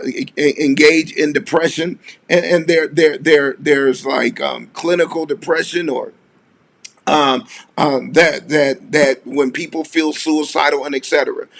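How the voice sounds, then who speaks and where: A man in an interview, speaking in a measured, explanatory way with some fillers. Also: a little high, vocal fry, fairly bright tone. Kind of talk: interview discussion.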